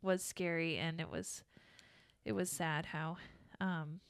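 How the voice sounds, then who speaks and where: A woman's voice: fairly low pitch, steady tone, takes it slowly, clean tone, no echo, clean studio sound. A young woman co-hosting a podcast, chatting casually with frequent restarts and laughs. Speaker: podcast co-host. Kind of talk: casual chat.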